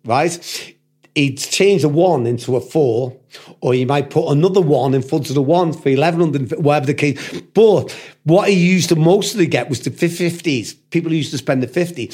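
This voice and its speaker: Older scouse guy spinning a long sweary yarn, voice sits a bit high. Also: a little mellow, slightly rough. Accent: Liverpool. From Liverpool, England. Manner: rambling, sweary, acts out quoted voices. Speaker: podcast guest storyteller. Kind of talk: casual storytelling chat.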